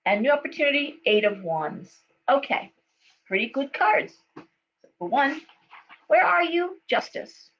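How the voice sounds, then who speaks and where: Giving a live tarot reading, a middle-aged woman speaks in a slightly high, fairly bright tone. She's conversational and tells stories, often saying okay and um. The sound quality is dull and lo-fi, with a faint hum.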